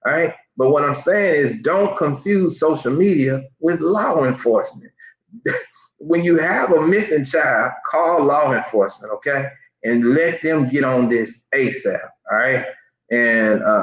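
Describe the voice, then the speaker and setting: A man's voice: medium pitch, fairly bright tone. A man giving impassioned commentary as an online news host, speaking emphatically and often restarting his sentences. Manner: repetitive, emphatic, stammering restarts. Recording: roomy, dull lo-fi sound.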